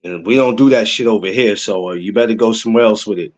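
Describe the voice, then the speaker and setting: A young adult man, hosting a casual livestream podcast and talking to viewers in chat. He is excitable and repeats himself a lot. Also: fairly low pitch, fast talker. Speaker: podcast host.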